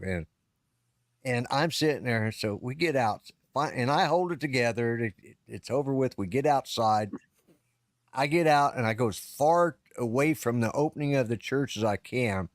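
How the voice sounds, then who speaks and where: A man's voice: medium pitch, moderate pace, no echo. Older guy rambling thru a funny story on a podcast, keeps restarting, dry close sound. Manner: rambling, self-interrupting storyteller. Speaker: podcast co-host. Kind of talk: casual storytelling. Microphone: live-stream call setup.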